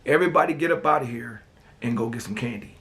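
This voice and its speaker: A man playing his stern mother, who is scolding and ordering the kids around in a sharp, commanding voice. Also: mid-range voice, fast talker, close to an everyday voice.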